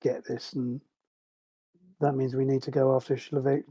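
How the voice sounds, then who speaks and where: A man's voice: mid-range voice, little pitch movement, moderate pace, dark tone, slightly rough, no echo. A man playing a tabletop game over voice chat, easygoing and decisive. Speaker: player.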